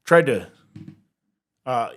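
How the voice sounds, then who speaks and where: A man's voice: medium pitch, lively intonation, extremely slow. A man co-hosting a podcast, telling rambling stories in casual chat, restarting often. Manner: rambling storytelling with many restarts, laughs often. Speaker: podcast co-host, comedian.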